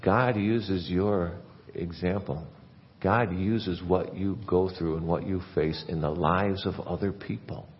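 A man preaching a sermon as pastor, earnest, his voice rising and growing louder when he stresses a point. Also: low voice, fairly even intonation, slow, long reverb tail, muffled recording.

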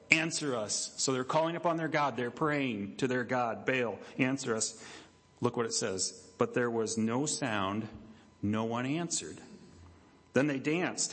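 A pastor preaching to his church in an animated, conversational way. His voice sits at a middle pitch for a man and drops low and soft to stress a point. He acts out the quoted voices with big leaps in pitch. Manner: drops low and quiet for emphasis. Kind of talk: sermon. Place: church sanctuary.

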